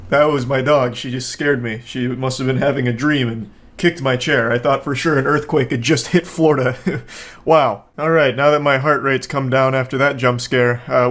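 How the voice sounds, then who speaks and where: A man's voice: medium pitch, fairly bright tone. A man hosting casual reaction commentary from home, with dry, sarcastic jokes. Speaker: commentary host.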